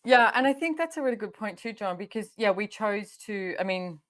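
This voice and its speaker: A woman hosting a podcast interview, telling personal stories in an animated, conversational way. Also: medium pitch, a little fast. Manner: animated storytelling, frequent laughter. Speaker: podcast host.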